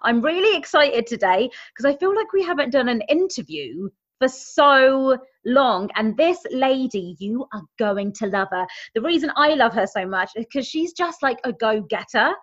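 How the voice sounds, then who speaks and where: A woman hosting an interview podcast, speaking in an enthusiastic, chatty way with quick restarts. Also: a little high, lively intonation, fairly bright tone. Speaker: podcast host. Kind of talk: upbeat interview chat. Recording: dull lo-fi audio.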